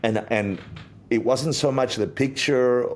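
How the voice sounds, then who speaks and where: A man, a guest on an interview podcast, telling a personal story in a lively way and acting out the voices in it. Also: medium pitch, measured pace. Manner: animated storyteller, acts out quotes. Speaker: interview guest, Buddhist teacher.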